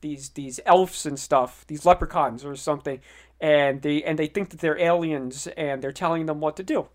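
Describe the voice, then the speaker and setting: High-voiced young man, animated chatter. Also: normal speed. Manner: animated, stammering restarts, acts out quoted voices. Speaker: podcast co-host. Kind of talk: casual chat.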